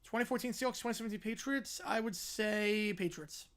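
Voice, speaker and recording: A fast-talking livestream host with a mid-range voice calls a basketball game play by play while answering chat, getting louder on big plays.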